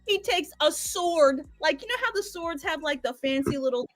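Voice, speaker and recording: A woman recapping a show in casual, profane, animated storytelling. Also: high voice, normal speed, dry recording. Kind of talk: casual chat.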